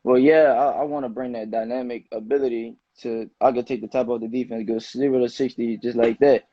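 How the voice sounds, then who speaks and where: A young man in his late teens, a high school football player, answering interview questions in a relaxed, slangy way. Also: a little fast, dry recording. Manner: relaxed, loose slangy phrasing with many "you know"s. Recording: dull, muffled dry sound.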